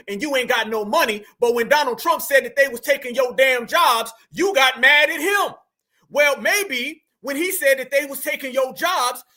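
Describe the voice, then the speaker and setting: A man's voice: extremely high pitch, bright, forceful tone. A man hosting a reaction commentary, talking emphatically and preachily to his audience. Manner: emphatic and preachy, keeps calling the audience fam. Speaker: commentary host.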